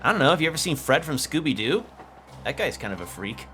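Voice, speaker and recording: A man's voice: a little high, very animated, fast, sharp tone. A man streaming a video game, chatting casually and rambling, swearing now and then. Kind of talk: casual gameplay commentary. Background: game music.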